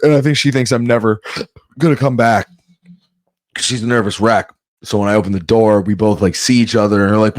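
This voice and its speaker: A man's voice: on the low side, steady tone, fairly quick, dry recording, clean studio sound. A man doing a rambling comedic monologue, often breaking off and restarting mid-sentence. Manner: rambling, self-interrupting, off-the-cuff.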